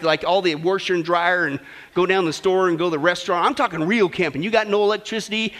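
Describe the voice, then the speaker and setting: High bright-voiced male preacher. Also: steady tone, quick pace. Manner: dynamic, swings from hushed to loud emphatic preaching. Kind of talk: sermon.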